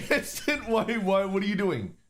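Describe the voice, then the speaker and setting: A man chatting with his viewers in a relaxed, easygoing way, cursing freely and laughing often. His pitch swings around a lot as he talks, and soft music plays faintly behind him. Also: measured pace. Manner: laid-back, profane, laughs often. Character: orc persona streamer. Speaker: streamer. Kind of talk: casual chat reading super chats.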